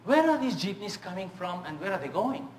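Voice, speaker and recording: A man putting on a curious young Brooklyn-born woman, her voice lifted very high as she asks one wondering question after another. It sounds a little distant from the mic, with an echoey room around it. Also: big pitch swings, fairly quick, a little hiss or hum. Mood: puzzled.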